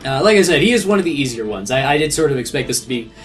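This medium-pitched man talks very fast while casually coaching a friend through a video game. Game music plays as he keeps up animated, talkative let's-play banter, constantly restarting his sentences.

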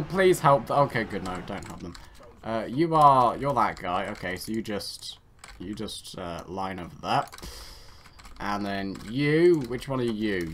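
A man's voice: on the low side, fairly bright tone, slight background noise. A man giving rambling, self-mocking commentary while playing a strategy game and talking to his units. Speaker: gaming channel host. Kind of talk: let's play commentary.

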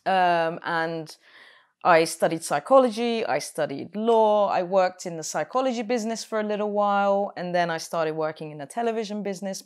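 A woman who grew up in London, a comedian chatting casually in an interview, rambling with fillers and self-deprecating jokes. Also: lowish voice. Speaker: comedian guest.

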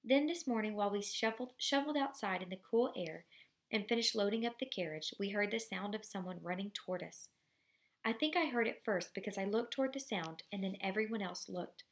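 A woman reading a novel aloud for students, steady and expressive, pausing briefly to apologize for slips. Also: mid-range voice.

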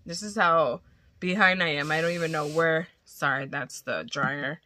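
A woman chatting casually to viewers, gushing and excited, often dropping to a whisper, a little congested from a cold. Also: low-pitched, normal speed. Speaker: crochet vlogger. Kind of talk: casual unboxing chat to viewers.

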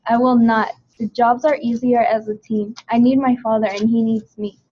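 An earnest, loyal young boy from a storybook, read by a woman in her own fairly high voice. Each line comes steady and sincere. The recording is dull and lo-fi. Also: moderate pace, slight background noise, close to an everyday voice. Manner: plain reading, few changes of voice.

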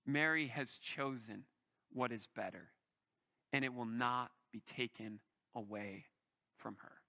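Man doing a calm, solemn teacher. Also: mid-range voice, gravelly, voice pushed down, heavily acted. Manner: slow, soft and solemn. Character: calm, gentle male teacher.

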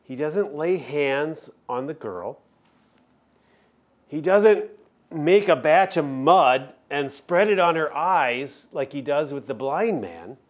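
Male chaplain, somewhat high voice, unhurried, earnest emphatic sermon delivery. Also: animated. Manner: earnest, emphatic preaching with dramatic pauses.

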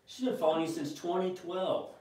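A co-host reading viewers' questions aloud from the live chat, in a relaxed, offhand way. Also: medium pitch, fairly quick. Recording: very echoey, from far off the mic.

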